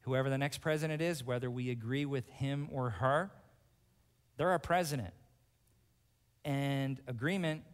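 A male pastor preaching emphatically, swinging between loud declarations and hushed asides and checking in with his congregation. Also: medium pitch, unhurried, pauses often, long reverb tail. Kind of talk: sermon.

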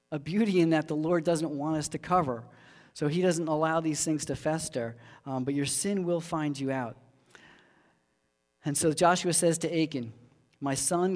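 A man's voice: a little high, a little mellow, in a large hall. A man preaching a sermon, reading scripture aloud and talking it through conversationally, often checking in with his listeners.

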